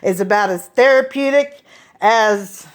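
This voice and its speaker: A woman performing a stand-up comedy routine, telling a story with profane, deadpan asides. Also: medium pitch, a little slow.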